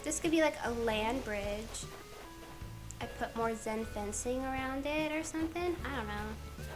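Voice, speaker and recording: Chatty woman streamer, high voice, light music underneath, casual game commentary. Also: measured pace. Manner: chatty, playful, talks to game characters.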